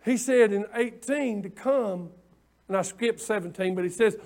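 A man's voice: sits high, normal speed, a little mellow. A middle-aged man preaching a sermon as pastor, folksy and conversational, repeating his phrases as he goes.

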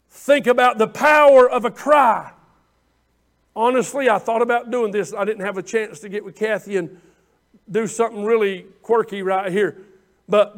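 A man preaching a folksy sermon, moving from quiet talk to loud, shouted exhortation. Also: high-pitched. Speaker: pastor.

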